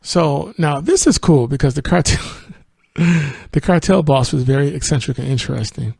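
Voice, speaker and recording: A man's voice: on the high side, expressive, normal speed, creaky, darkish tone, husky, no room sound, studio quality. A man hosting a podcast, casually retelling and reviewing a film in a rambling way. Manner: rambling, with fillers and laughs. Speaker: podcast host.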